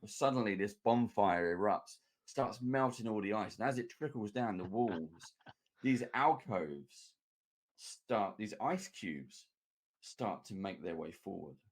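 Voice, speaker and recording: A man hosting a casual chat, telling an animated story about running a tabletop game and laughing as he goes. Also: on the low side, slow pace. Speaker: game master and podcast host.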